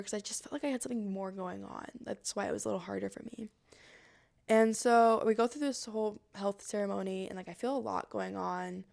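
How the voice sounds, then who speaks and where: A woman's voice: medium pitch, creaky, a little mellow. A woman podcast host telling a personal story in a casual, rambling way, full of "like" fillers. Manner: rambling, heavy use of "like" fillers.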